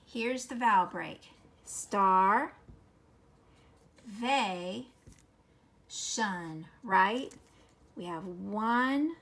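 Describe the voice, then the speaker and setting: A woman teaching a phonics lesson to children, encouraging and sounding words out slowly syllable by syllable. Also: mid-range voice, a bit bright. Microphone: recorded video lesson.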